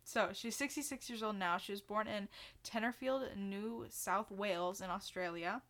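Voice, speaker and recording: A woman hosting a laid-back true-crime podcast, telling the story in a casual way with quick asides and easy laughs. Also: medium pitch, a bit bright. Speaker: podcast host.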